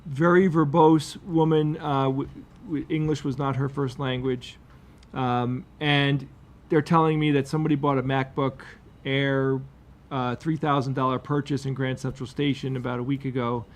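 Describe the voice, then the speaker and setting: A man's voice: mid-range voice, moderate pace. Chatty man telling a story. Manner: relaxed storyteller, lots of fillers and restarts. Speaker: podcast co-host. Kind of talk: casual chat.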